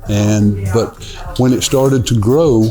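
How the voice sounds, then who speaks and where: A middle-aged man, a restaurant owner telling stories in a relaxed, rambling way with lots of fillers, inside a dim restaurant. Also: on the low side, slow pace, faint music behind. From Newport, Tennessee. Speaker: restaurant owner, son of the founder. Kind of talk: casual storytelling interview.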